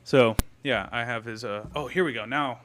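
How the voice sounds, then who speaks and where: Metal music plays faintly behind this young livestreamer as he chats with viewers and muses out loud about what he's posting. His mid-range voice is fairly bright and moves at a normal speed.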